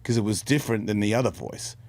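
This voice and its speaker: A man's voice: fairly low pitch, fast talker, darkish tone, no room sound. A middle-aged man telling a personal story candidly on a podcast, in earnest, rambling, casual talk. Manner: repeats and restarts words mid-sentence. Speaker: podcast co-host.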